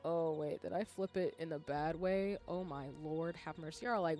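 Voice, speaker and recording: A young woman, chatting casually on a livestream while she works on lace, saying y'all a lot and breaking into excited squeals. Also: on the low side, moderate pace, few pauses, faint music behind. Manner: chatty, says "y'all" often, bursts into squealing yells. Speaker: streamer.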